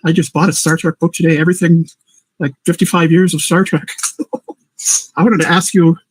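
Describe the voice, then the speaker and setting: A man with a high, husky voice chats casually on a stream panel. He makes short, dismissive remarks. The sound is dry. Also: little pitch movement, normal speed, no room sound, low-quality recording. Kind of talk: casual chat.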